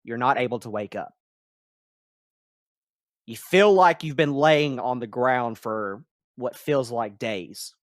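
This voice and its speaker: A man narrating a tabletop game as game master, setting scenes in slow, descriptive turns. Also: mid-range voice, no room sound, clean studio sound.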